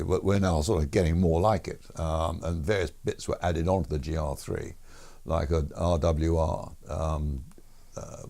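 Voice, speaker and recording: A deep, gravelly older man recounts his flying days in an easy interview manner. His husky voice is full of fillers, restarts and chuckles. He sounds unhurried and conversational. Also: darkish tone. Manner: chuckles through stories, many fillers and restarts. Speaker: retired air force officer guest. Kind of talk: relaxed anecdotal interview.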